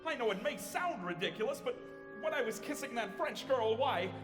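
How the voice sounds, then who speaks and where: An earnest, lovesick young groom, acted on stage, pleading in a lively, swinging voice. Clear music sits under a roomy, echoey theater hall. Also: medium pitch, normal speed, close to an everyday voice.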